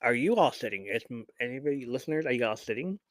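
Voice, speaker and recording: Animated, swearing man hosting a live show. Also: medium pitch, quick pace, no echo. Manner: animated, profane, laughs often, talks straight to listeners. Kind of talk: reading a listener's story aloud with commentary.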